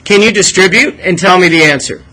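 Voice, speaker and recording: A man's voice: high voice, expressive, fairly quick, pushed and bright, poor audio. A male math teacher leading a classroom lesson, coaxing students with questions and asking them to think aloud.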